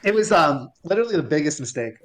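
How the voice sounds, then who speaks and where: A man's voice: a little high, sing-song, fast. A man telling a story as a guest on a live-streamed talk show. He acts out both sides of remembered conversations and laughs often as he goes. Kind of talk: animated storytelling in casual talk.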